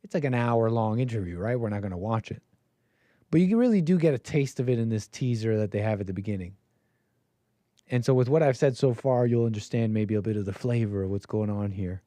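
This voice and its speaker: A man's voice: fairly low pitch, lively intonation, brisk, mellow, no echo. A man hosting a call-in show, talking in a rambling, emphatic way with many restarts. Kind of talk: casual commentary monologue.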